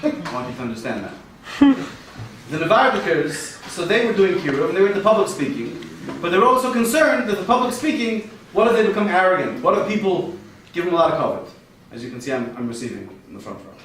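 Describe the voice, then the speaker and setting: A man's voice: sits high, big pitch swings, fast talker, fairly bright tone, far from the mic, a little hiss or hum. A man performing a rambling stand-up set for a live audience, joking and sprinkling in Yiddish and Hebrew terms. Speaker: stand-up comedian. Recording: echoey room recorded from afar.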